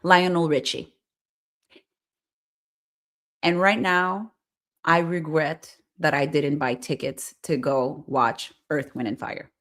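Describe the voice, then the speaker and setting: Woman host, casual live-stream chatter, excitable, talks straight to viewers. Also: low voice, slow, pauses often. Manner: chatty and excitable, reads viewer comments aloud. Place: Montreal.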